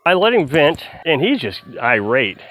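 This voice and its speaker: A man's voice: on the high side, sing-song, moderate pace, a bit bright. A man vlogging outdoors while cutting firewood, talking casually to the camera in a rambling way, restarting his sentences as he retells a story. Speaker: vlogger on off-grid living.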